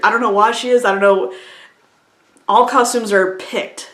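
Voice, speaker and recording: A woman's voice: medium pitch, animated, moderate pace, a bit bright, slight background noise. A woman giving a casual, exasperated movie review, stumbling over restarts and acting out quoted lines. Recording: echoey room.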